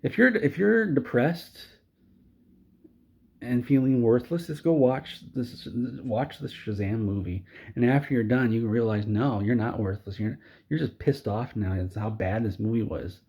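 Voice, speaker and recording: A man's voice: medium pitch, warm tone, husky. A man delivering an exasperated comedic movie rant, stumbling over and repeating his words. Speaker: video creator.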